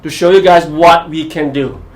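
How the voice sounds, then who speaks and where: Energetic man coaching a workout. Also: fairly high pitch, moderate pace, roomy sound. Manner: energetic, motivational, pushes through exercise while talking. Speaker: golf fitness coach and show host. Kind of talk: live-streamed workout and golf tips.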